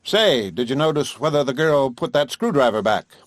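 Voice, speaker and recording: A man's voice: mid-range voice, sing-song, normal speed, no echo, clean studio sound, pitched above the performer's own voice, natural voice. A man reading an audiobook, voicing an easygoing, practical small-town husband who talks in a folksy, casual way.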